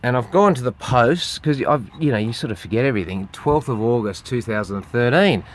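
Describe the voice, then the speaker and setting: A street performer with a goat, an Australian man with a mid-range voice, tells a long, rambling story straight to camera in an animated, brisk way. He swears freely and acts out what other people said.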